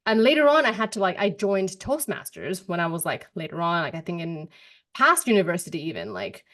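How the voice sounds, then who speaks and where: Animated young woman hosting a podcast. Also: lowish voice. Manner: animated storyteller, quick and expressive. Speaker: podcast host. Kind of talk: casual podcast chat.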